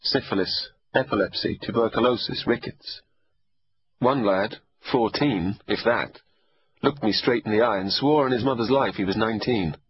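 A man voicing a blunt, sardonic older army doctor who gives brisk orders. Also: lowish voice, lo-fi sound, slight background noise, close to an everyday voice. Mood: brusque. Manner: brisk, bossy, teasing. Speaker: army medical examiner.

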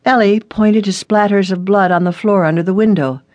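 An audiobook narrator giving a steady, scripted reading of a short suspense story. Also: mid-range voice, fairly quick, dry recording, muffled recording.

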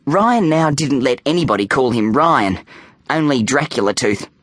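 A man reading a children's audiobook aloud with playful, animated storytelling on a close studio mic. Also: mid-range voice, normal speed, dry recording. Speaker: audiobook narrator.

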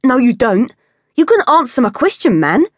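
Casting: woman doing a brash teen boy mugger, high and loud, slangy and jeering. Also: sing-song, moderate pace, husky, no echo, clean studio sound, exaggerated voice. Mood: taunting. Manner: taunting street slang. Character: cocky teenage male street mugger.

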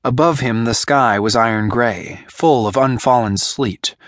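A man narrating a young-adult fantasy audiobook in a measured, deliberate way. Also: mid-range voice, fairly bright tone, dry recording, studio quality. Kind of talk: scripted narration.

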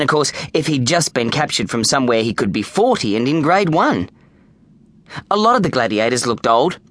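Lively Australian man narrating a kids' story. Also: medium pitch, no room sound. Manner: lively, playful. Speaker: audiobook narrator.

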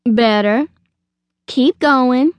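A woman's voice: high-pitched, drawn-out words, no echo, highs cut off. A woman voicing a tough, blunt little girl chick detective in a storybook. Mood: brusque. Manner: brusque, no-nonsense.

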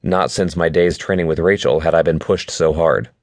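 A man reads a first-person novel in a calm, measured narrating voice. His pitch sits very low, with a deep, grounded sound. The recording is dry and close, with no room around it. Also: dry recording. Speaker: audiobook narrator. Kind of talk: scripted narration.

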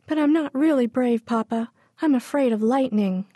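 A spirited seven-year-old girl in a children's storybook, her voice raised high and young, proud yet fretful about the weather, as a woman narrator puts her on. The sound is dry and close. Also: animated, moderate pace, darkish tone, no echo. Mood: childlike. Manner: eager, high childlike delivery.

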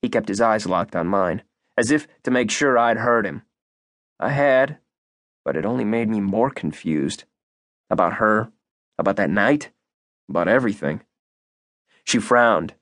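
Male audiobook narrator, first person, expressive and measured, dry close studio sound. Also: fairly low pitch, dry recording.

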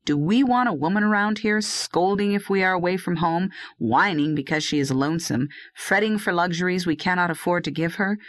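A woman's voice: lowish voice, fairly quick, hardly any pauses, no room sound, close to an everyday voice. A woman voicing a rugged young male herb harvester who chides and coaxes his dog. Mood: anxious. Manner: earnest, chiding, talks to his dog. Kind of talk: audiobook dialogue reading.

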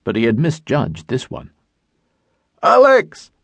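Low, lively male audiobook narrator. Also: no echo. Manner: measured storytelling. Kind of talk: scripted narration. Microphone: studio mic.

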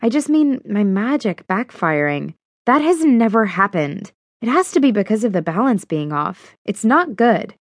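A woman voicing a young witch friend who hesitates and drawls with fillers, in a higher voice than her narration. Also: very animated, normal speed, no room sound, studio quality. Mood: matter-of-fact.

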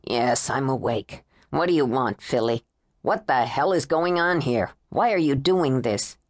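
A woman's voice: extremely low pitch, expressive, unhurried, dry recording, clean studio sound, pitched below the performer's own voice, full character voice. A woman reading an audiobook voices a frightened man held captive, pleading in a shaky voice. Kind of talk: audiobook character voice.

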